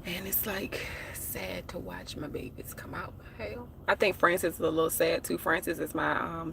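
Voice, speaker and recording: Woman live-streamer, bright, forward voice, chatty and slangy, speaking into a phone in a parked car. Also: fairly low pitch, creaky, slight background noise. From United States. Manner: chatty, talks straight to viewers with slang and asides. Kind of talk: casual live-stream chat.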